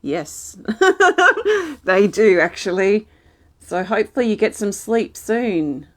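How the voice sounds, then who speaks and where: A woman hosting a live healing stream, reading out viewers' comments and answering them in a gentle, soothing, reassuring way. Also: medium pitch, measured pace. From Australia.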